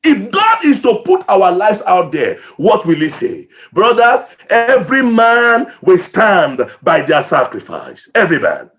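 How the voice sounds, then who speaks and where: A pastor from Nigeria preaching an impassioned sermon, swinging between shouts and hushed, emotional drops. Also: male voice, high-pitched, huge pitch swings, a little slow, few pauses.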